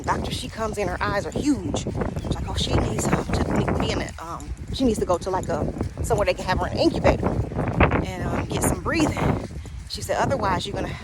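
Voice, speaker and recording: Woman telling a story while walking her dog outdoors. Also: medium pitch. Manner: rambling, halting, talks to her dog mid-story. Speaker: spiritual vlogger. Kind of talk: casual storytelling. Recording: outdoor noise behind the voice.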